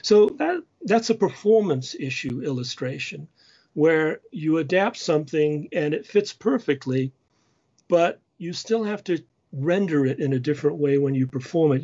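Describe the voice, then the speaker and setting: A man's voice: medium pitch, dark tone. A man giving a patient lecture on church music and singing short chant phrases as examples. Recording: dull lo-fi sound.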